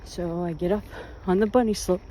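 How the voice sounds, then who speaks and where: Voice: mid-range voice, steady tone, moderate pace, dark tone, slight background noise. A vlogger telling rambling, self-mocking stories while out on a walk. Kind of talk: casual storytelling on a walk. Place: outdoors, walking.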